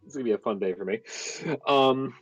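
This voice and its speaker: A man's voice: medium pitch, brisk, no echo, faint music behind. A man game master recapping a tabletop session in a rambling, chatty way full of fillers. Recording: dull lo-fi, dry.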